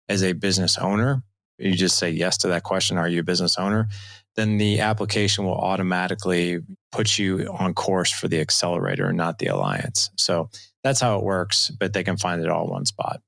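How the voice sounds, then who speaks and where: A man's voice: deep voice, vocal fry, dry recording. A man in his forties, a dad coach guest on a podcast, chatting casually and acting out family conversations as he tells stories. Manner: animated storytelling, acts out dialogue. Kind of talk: casual interview talk.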